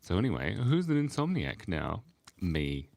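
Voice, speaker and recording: A man's voice: low voice, big pitch swings, a little slow, creaky, darkish tone, no room sound. A sleepy man, hosting a casual live stream and rambling, giggling and joking with chat as he draws. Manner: rambling, giggly, self-mocking, talks while drawing. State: sleepy, early morning. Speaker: livestream host drawing for chat.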